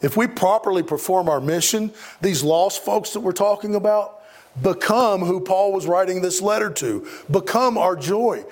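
A man's voice: high-pitched, normal speed. A middle-aged man preaching a sermon, emphatic and given to repeating words for stress.

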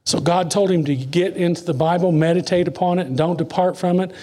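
Man, preacher, fairly high voice, emphatic then whispered, slow scripture reading. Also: fairly even intonation. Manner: swings from high emphatic lines to low hushed asides; reads scripture slowly and deliberately. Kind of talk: sermon.

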